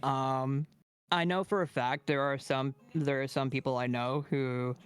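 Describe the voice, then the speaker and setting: A man's voice: medium pitch, fairly even intonation, measured pace, smooth, dry recording. A Canadian man with a Canadian accent, ranting animatedly in casual chat on his stream and swearing freely.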